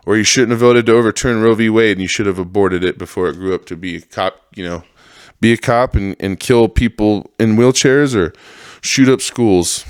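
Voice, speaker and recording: Deep-voiced man in a profane rambling rant. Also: clear, resonant tone, dry recording, studio quality. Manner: profane, rambling, sarcastic, laughs often. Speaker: podcast host. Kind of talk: casual monologue rant.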